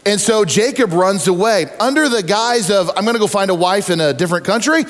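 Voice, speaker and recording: A man preaching a sermon, telling stories with lively acted-out voices and asides to the congregation. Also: high-pitched, brisk, long reverb tail. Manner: animated storytelling with acted-out voices. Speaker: pastor.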